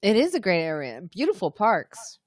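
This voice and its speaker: A woman's voice: mid-range voice, wildly swooping pitch, normal speed, no echo. Chatty woman hosting a dry-sounding live stream. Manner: chatty, reads out viewer comments. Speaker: podcast host. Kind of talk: casual live-stream chat.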